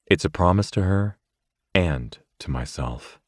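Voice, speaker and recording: Deep voiced guy reading a romance audiobook first person, tense and emotional, super dry studio mic. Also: expressive, measured pace, no room sound. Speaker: audiobook narrator.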